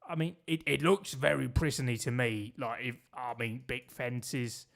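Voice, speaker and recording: A man's voice: medium pitch, steady tone, normal speed, gravelly, fairly bright tone. A man streaming a geography guessing game, chatting and joking with his viewers as he plays. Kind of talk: casual gameplay commentary.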